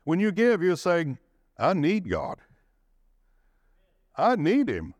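A man preaching with a lively, wide-ranging voice that climbs to emphatic peaks and drops low again. He calls out to his congregation for a response. The recording is dry and close, with no room echo. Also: takes it slowly. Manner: dramatic swings in pitch and pace, rising to shouts of emphasis. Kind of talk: sermon.

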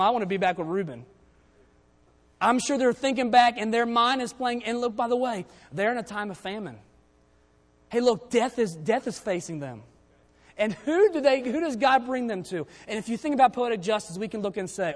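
Male preacher, fairly high voice, church sermon mixing scripture reading with plain talk, long hall echo. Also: fairly quick. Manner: reads King James verses aloud, then explains them conversationally.

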